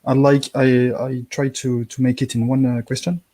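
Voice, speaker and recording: A man from France with a French accent, calling in to ask a question. He speaks English hesitantly, with many pauses while he searches for words. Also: mid-range voice, level tone, warm tone. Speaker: caller. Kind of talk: caller asking a question.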